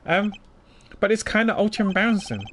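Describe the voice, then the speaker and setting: A man's voice: high voice, brisk, a bit bright, slight background noise, voice pushed up. A man voicing a goofy, evasive young slacker who rambles sheepishly.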